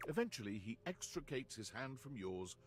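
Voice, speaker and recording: A man's voice: mid-range voice, big pitch swings, normal speed, a crowd in the background, close to an everyday voice. A man narrating scenes in a video game in a dry, wry scripted manner.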